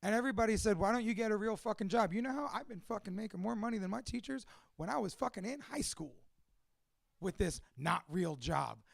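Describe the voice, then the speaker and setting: A man's voice: high-pitched, gravelly, no echo, clean studio sound. A man from a Cuban family, a father of two, telling his life story in a candid, profane, emotional monologue. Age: adult with two children.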